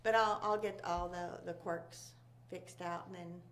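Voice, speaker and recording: A woman from a local chamber of commerce chatting casually, rambling and halting with many fillers. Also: on the low side, steady tone. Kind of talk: casual local talk show chat.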